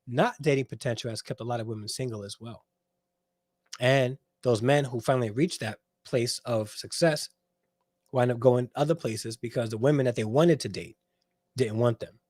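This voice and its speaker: Male host, mid-pitch, emphatic and preachy, dry close sound, for a dating-advice livestream. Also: moderate pace, darkish tone, no room sound. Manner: preachy, emphatic, frequent restarts and checks like "all right?".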